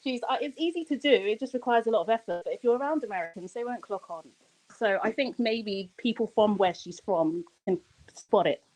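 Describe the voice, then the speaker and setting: Animated English woman caller. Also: medium pitch, brisk, poor audio. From England. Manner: animated, calls listener "darling", laughs easily. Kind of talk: call-in opinion.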